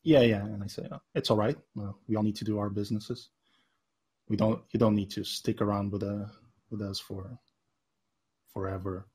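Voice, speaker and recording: A man with a low, husky voice plays a sergeant in a tabletop role-playing game. He speaks haltingly, with frequent fillers, as he describes what his character says and does. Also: fairly even intonation, a little mellow. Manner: hesitant, filler-heavy speech. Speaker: player.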